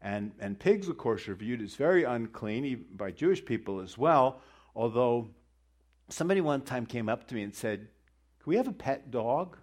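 A man's voice: medium pitch, expressive, moderate pace. A middle-aged man teaching a conversational sermon, wandering into joking asides and rhetorical questions. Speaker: Bible teacher.

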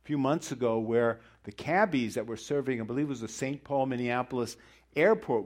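A man's voice: mid-range voice, darkish tone. A middle-aged man teaching a conversational sermon, wandering into joking asides and rhetorical questions. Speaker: Bible teacher.

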